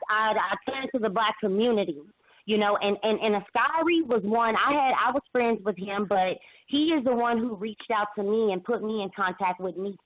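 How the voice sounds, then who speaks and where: A woman calling in to a talk show, telling her account haltingly with many restarts and fillers. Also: medium pitch, no echo. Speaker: caller. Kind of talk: emotional call-in account. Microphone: phone. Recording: tinny phone line.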